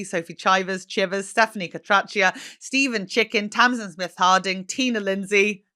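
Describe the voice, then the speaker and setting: A woman's voice: medium pitch, sharp tone. A woman hosting a podcast, chatting in a bubbly, playful way. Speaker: podcast host. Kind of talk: casual podcast chat.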